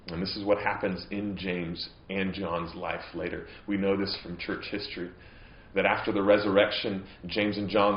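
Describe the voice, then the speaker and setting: A pastor preaches a sermon in church, earnest throughout and rising at times into emphatic, impassioned stretches. His voice is deep, and the recording is muffled with a roomy sound.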